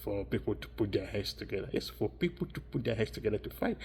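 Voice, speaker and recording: A man's voice: lowish voice, expressive, fast talker, darkish tone, slight background noise. A man giving a rambling, insistent monologue, repeating and restarting his phrases as he circles his points. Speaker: vlogger.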